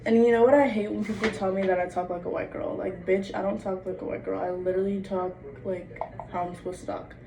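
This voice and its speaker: A woman's voice: medium pitch, steady tone, fast talker, gravelly, few pauses. Blunt young woman ranting from afar. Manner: blunt, profane, fills every phrase with "like". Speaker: vlogger. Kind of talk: casual monologue to camera. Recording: distant mic with faint background noise.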